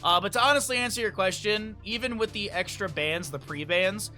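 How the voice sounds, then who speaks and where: Bright-voiced chatty male esports caster. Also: high voice, a little fast, faint music behind. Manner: chatty, rambling, often apologizing. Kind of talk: live stream game commentary.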